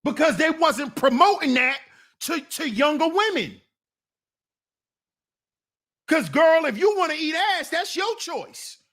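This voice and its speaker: High-voiced scolding man ranting. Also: very animated, slow, long pauses, fairly bright tone. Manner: blunt, scolding, talks back to viewers. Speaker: commentary channel host. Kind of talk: casual commentary rant.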